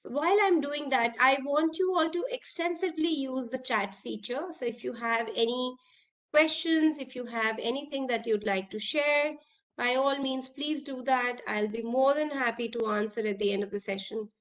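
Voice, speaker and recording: This is a woman. She speaks in a fairly high voice over a video call, leading a coaching workshop. She sounds earnest and keeps asking her listeners questions. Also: normal speed. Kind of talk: online workshop talk.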